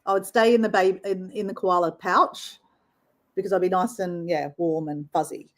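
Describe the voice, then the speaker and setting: An Australian woman hosts a casual live stream, chatting animatedly while she paints and using plenty of fillers. Her voice is lowish and she speaks at a normal speed.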